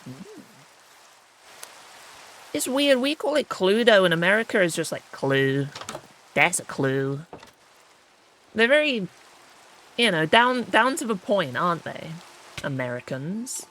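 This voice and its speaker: A woman's voice: medium pitch, sing-song, a little slow, pauses often, a bit bright, slight background noise. A woman streaming a game, chatting playfully and poking fun at herself as she plays. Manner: playful, chatty and self-mocking while playing. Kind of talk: casual gaming stream chat.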